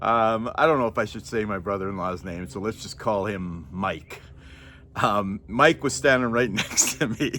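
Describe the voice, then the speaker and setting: A man's voice: fairly low pitch, normal speed, sharp tone, slight background noise. A middle-aged man telling a personal story to camera in a rambling, chatty way, often breaking into laughter and apologizing.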